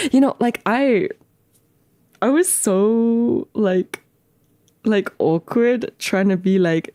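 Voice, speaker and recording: A woman streamer chatting casually with her viewers, giggling often and breaking into squealing high laughs, with a slangy way of talking. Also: warm tone, no echo. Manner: talks to chat, slangy. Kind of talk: casual live-stream chat reacting to clips.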